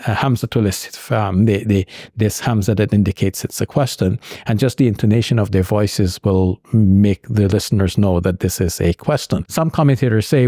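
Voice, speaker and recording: Measured man with a low, dark voice. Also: dry recording, studio quality. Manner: measured, thoughtful, many "uh" pauses. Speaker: Islamic scholar guest. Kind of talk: explanatory talk-show discussion.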